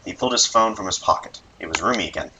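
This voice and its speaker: A man reading a visual novel's narration aloud in an expressive way, then chatting casually. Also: sits low, quick pace, noisy background. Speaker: let's play narrator.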